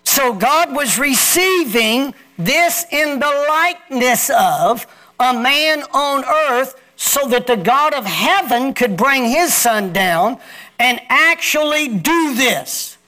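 A male pastor takes his sermon slowly, his very high voice bright and forceful with lively intonation. He asks the congregation to repeat after him in call-and-response fashion.

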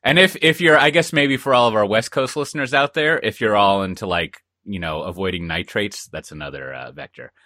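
A man's voice: fairly low pitch, brisk, few pauses, sharp tone, no room sound, studio quality. A man co-hosting a podcast in casual chat, telling rambling, jokey stories full of asides. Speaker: podcast co-host. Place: lives in Texas.

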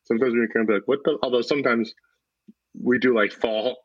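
A man's voice: mid-range voice, fairly quick, no room sound, highs cut off. A man co-hosting a casual remote podcast chat, dry and sarcastic in his delivery. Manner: deadpan, sarcastic. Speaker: podcast co-host. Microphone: remote recording.

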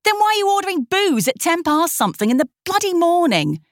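A woman voicing an irritable, sharp-tongued young woman with a clipped, snappy delivery in an audiobook reading. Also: very high-pitched, very animated, fairly quick, no echo, studio quality, voice pushed up, heavily acted. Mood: irritated.

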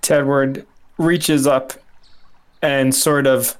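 A man's voice: mid-range voice, level tone, very slow. A male player in a tabletop game, describing his character's actions in a playful, wordy way.

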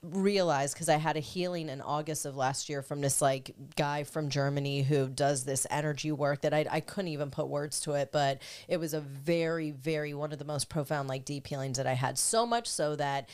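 A woman's voice: deep voice, normal speed, few pauses, darkish tone, clean tone. A woman in casual podcast chat, talking candidly and earnestly about self-growth, swearing freely.

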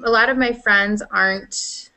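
A young woman co-hosting a casual gaming podcast, chatty and quick to laugh. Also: mid-range voice, fairly even intonation, pushed and bright. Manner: chatty, laughs often, lots of "like". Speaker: podcast co-host. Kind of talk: casual chat.

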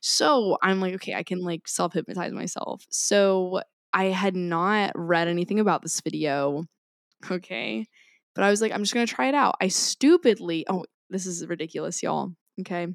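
A woman tells a story on a podcast, animated and quick to laugh. Her voice sits a little low. The sound is dry and close, with no room echo. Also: vocal fry. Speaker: podcast co-host. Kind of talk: casual chat.

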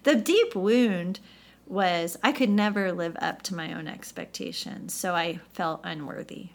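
A woman guest on a faith podcast, candidly telling her story with lively, acted-out quotes. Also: on the low side, a little slow, creaky. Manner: animated storytelling, acts out quoted voices.

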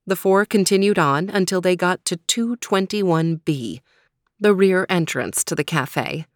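Woman reading a kids' story, low voice, steady, dry close sound. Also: unhurried, no room sound. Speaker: narrator.

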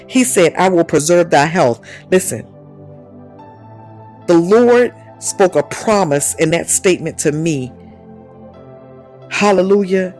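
A woman preaches with fervent, repeating urgency and speech, calling out again and again as her pitch climbs and falls. Faint music plays under her voice. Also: a little mellow. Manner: fervent, repeats "listen" and "my God", speaks in tongues. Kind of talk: charismatic sermon.

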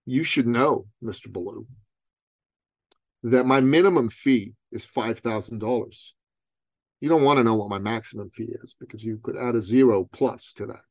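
A man voicing a blunt, no-nonsense business coach in quiet, firm tones. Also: medium pitch, normal speed, gravelly, no room sound.

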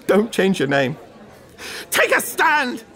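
A man's voice: high-pitched, huge pitch swings, slow pace, sharp tone, exaggerated voice. A man playing an exasperated man reacting with incredulous outbursts in a comedy sketch. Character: exasperated man caught in a silly name craze.

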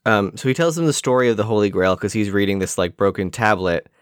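A man's voice: on the low side, quick pace, smooth, dry recording, clean studio sound. A man co-hosting a casual podcast chat, telling things in a wry, storytelling way and swearing casually. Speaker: podcast co-host.

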